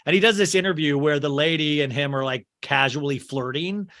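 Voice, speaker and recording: A man hosting a podcast, recapping a movie in a casual, animated way with lots of fillers. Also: a little high, fairly quick. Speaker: podcast host.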